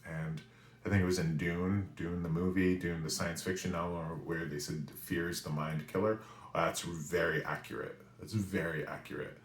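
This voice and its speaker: Low-voiced guy in his 40s from new england, storytelling, keeps saying "right?", echoey room. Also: moderate pace. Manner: animated storyteller who often asks "right?". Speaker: spiritual reader and weekly message host. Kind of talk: storytelling monologue. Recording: roomy echo.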